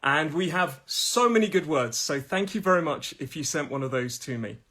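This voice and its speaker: A man's voice: on the high side, animated, moderate pace, sharp tone. A man from Nottingham with a Midlands accent, hosting a live-streamed English pronunciation lesson from his room in a chatty way, often laughing and repeating himself. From Nottingham, England.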